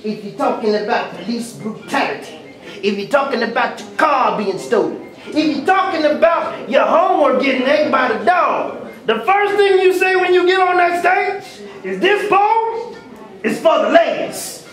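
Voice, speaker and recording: A man voicing an older male jazz poet, a gruff streetwise mentor who drawls slowly and calls the listener "boy.". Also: very high-pitched, lively intonation, a bit bright, voice pushed up. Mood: confiding. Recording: echoey hall, distant mic.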